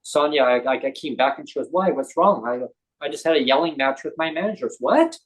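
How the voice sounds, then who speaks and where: A man's voice: on the high side, fast talker, poor audio. Canadian man telling a story animatedly. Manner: animated, acts out quoted voices of others. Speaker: guest on a talk show. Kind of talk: casual conversational storytelling.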